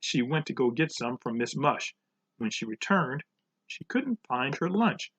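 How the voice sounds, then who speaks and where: A man reading a chapter book aloud to children in a relaxed, informal way. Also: mid-range voice, a little slow. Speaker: program director reading to children.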